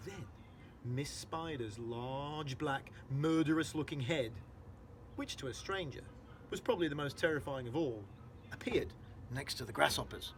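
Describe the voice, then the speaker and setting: A man's voice: on the high side, measured pace, fairly bright tone, a little hiss or hum. A man reading a children's storybook aloud, explaining hard words for young listeners.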